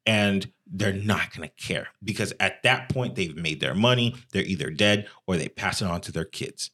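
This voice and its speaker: A man co-hosting a podcast, talking in a slow, emphatic, laid-back way. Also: low-pitched, bright, forceful tone. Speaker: podcast co-host. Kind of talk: casual chat.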